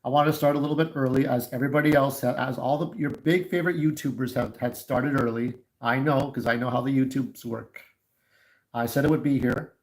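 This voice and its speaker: A man's voice: medium pitch, steady tone, brisk, a little mellow, poor audio. Guy in his 40s rambling to his livestream chat, blunt opinions, ordinary mid voice. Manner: candid, opinionated, talks straight to viewers. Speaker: YouTube livestreamer.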